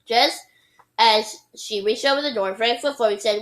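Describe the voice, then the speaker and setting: A woman's voice: fairly high pitch, unhurried, low-quality recording. Woman reading a storybook aloud. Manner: expressive with sound effects, occasional slips. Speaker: reader. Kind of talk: reading a children's book aloud.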